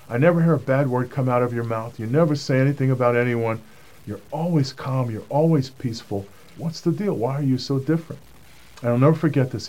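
A man with a warm, medium-pitched voice gives a personal faith testimony, telling it earnestly as a story and acting out the voices of those he quotes.

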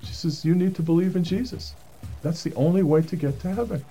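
A man's voice: high voice, a little fast, mellow, breathy edge, faint music behind. A man telling a personal faith testimony in an earnest storytelling manner, acting out the voices of the people he quotes. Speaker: speaker giving a personal testimony.

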